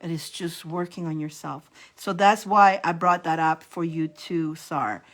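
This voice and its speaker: A woman's voice: on the low side, unhurried. A woman giving a casual, rambling spiritual pep talk to her viewers, often restarting and repeating phrases. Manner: rambling, animated, laughing at herself. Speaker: spiritual coach and reader.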